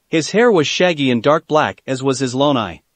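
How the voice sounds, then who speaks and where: A man reading a fan fiction story aloud as narrator in a steady storytelling manner. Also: mid-range voice, moderate pace, dry recording.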